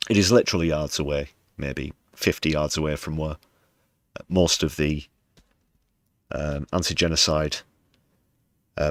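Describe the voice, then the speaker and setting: A man's voice: very deep voice, fairly bright tone, dry recording. A man hosting a livestream, talking over news clips with heavy sarcasm and often addressing viewers as "people". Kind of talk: live commentary on news clips.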